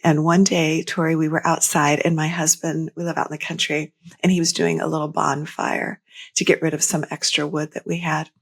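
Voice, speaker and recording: A middle-aged woman, a podcast guest, telling a personal story in a gentle, unhurried, tender way. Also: low voice, level tone, creaky, slightly rough. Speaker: guest author and speaker. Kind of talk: heartfelt storytelling in interview.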